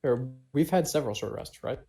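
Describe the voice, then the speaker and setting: A man's voice: medium pitch, brisk, gravelly, background noise. A man playing a tabletop game in casual chat, hesitant and explaining rules with fillers. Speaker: player.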